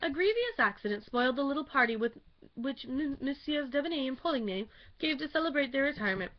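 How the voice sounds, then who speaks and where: A woman's voice: high voice, lively intonation, fast, dull audio, voice pushed up. A woman reading the part of a pompous middle-aged male theatre manager recounting an incident formally.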